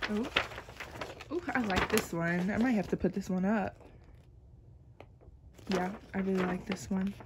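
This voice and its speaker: A woman's voice: mid-range voice, steady tone, a little slow, long pauses, very noisy. A young woman chatting playfully as she unboxes an album, laughing and complaining dramatically. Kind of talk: casual unboxing chat.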